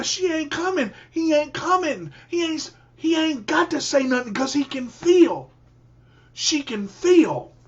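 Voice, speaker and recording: A male radio host with a fairly high voice that swings up and down as he drives his points home. He talks in a preacher-like, motivational way and circles back to repeat himself. The recording sounds dull and lo-fi. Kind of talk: motivational talk.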